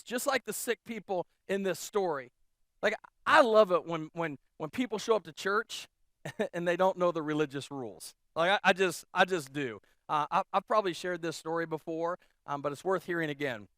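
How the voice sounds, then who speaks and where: High-voiced animated casual pastor. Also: male voice, no echo, studio quality. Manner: casual, animated storytelling with many restarts. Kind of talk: sermon. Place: church auditorium.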